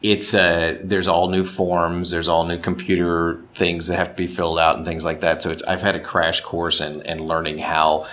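Low-voiced Texan voice actor, relaxed, self-deprecating interview talk. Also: male voice, normal speed, few pauses. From Texas. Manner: self-deprecating, slips into voice impressions. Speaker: voice actor and director.

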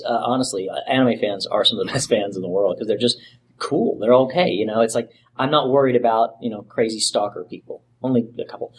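A man's voice: mid-range voice, slight background noise. A voice actor being interviewed, a man who talks in a playful, joking way and laughs easily. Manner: playful, jokey, quick to laugh. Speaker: voice actor guest. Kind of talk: casual interview chat. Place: convention.

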